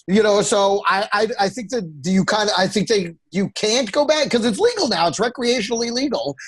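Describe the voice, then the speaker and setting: A man co-hosting a comedy podcast, quick to laugh and tease in a casual chat. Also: high voice, husky. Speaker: podcast co-host.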